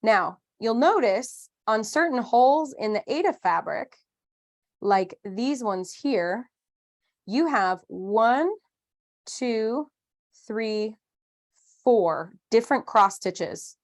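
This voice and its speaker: A woman in her thirties runs a live online craft class, chatty and upbeat, her voice fairly high and animated. She walks through each step slowly with long pauses, adding playful asides at a friendly, conversational pace.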